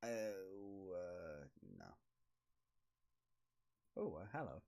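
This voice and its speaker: A man streaming a card game, muttering commentary to himself with sudden excited outbursts. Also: low voice, extremely slow. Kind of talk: casual gameplay commentary.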